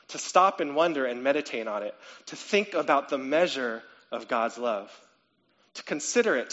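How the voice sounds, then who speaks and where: A man's voice: a little high, lo-fi sound. A man preaching a sermon in a conversational way, often checking in with "okay?" and "right?" and lifting his voice on questions. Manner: animated, rising to excited questions. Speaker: pastor.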